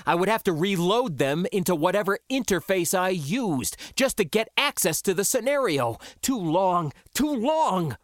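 A man reading his own science fiction story aloud in the first person, with expressive, dramatic delivery. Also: high voice, normal speed, few pauses, no room sound, clean studio sound. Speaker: author and narrator. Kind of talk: first-person audiobook narration.

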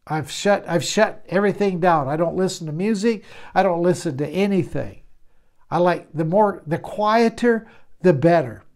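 A man's voice: sits high, normal speed, darkish tone. Conversational male pastor preaching. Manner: conversational, repeats words and restarts, acts out God's voice. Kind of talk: sermon.

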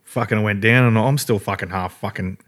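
A man's voice: fairly low pitch, a little fast, a bit bright. A man with an Australian accent telling rambling stories in a casual podcast chat, swearing constantly.

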